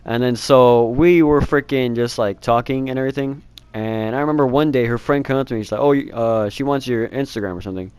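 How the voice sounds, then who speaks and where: A man's voice: medium pitch, brisk, hardly any pauses, a little mellow, clear, resonant tone, no room sound. A teenage boy telling a rambling storytime, laughing and swearing casually. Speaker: vlogger.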